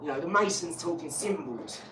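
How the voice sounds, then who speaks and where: A man's voice: on the high side, expressive, moderate pace. A man, chatting casually on a live stream during a boxing workout, rambling and swearing freely. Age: 40s. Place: home workout room. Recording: echoey room, distant mic, loud noise.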